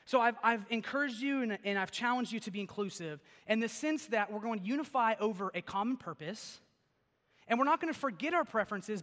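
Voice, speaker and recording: A young man giving a casual sermon in a church, telling stories in a chatty, animated way full of "like" and "okay?". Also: sits high. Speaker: pastor. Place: church sanctuary. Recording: long reverb of a large hall.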